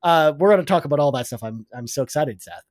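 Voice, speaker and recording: A man's voice: fairly high pitch, animated, fast, no echo, clean studio sound. A man co-hosting a casual live-stream chat, playful and sarcastic. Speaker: podcast co-host.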